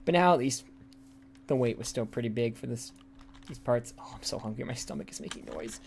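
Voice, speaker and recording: A man's voice: medium pitch, fairly quick, vocal fry, a little mellow, slight background noise. A young man from the United States chatting casually while streaming a game, rambling and swearing freely. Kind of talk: casual live-stream chat while gaming. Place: indoors, room by a hallway.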